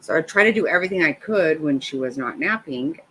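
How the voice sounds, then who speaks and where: Laughing frequently, a middle-aged woman spins animated stories in a casual livestream chat. She speaks a little fast in a deep, husky voice, and the recording quality is low.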